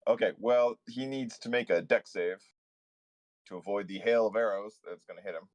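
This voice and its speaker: A man's voice: lowish voice, moderate pace. A man playing a tabletop game, calling out rolls and damage in a matter-of-fact way. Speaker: player. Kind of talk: casual tabletop game play.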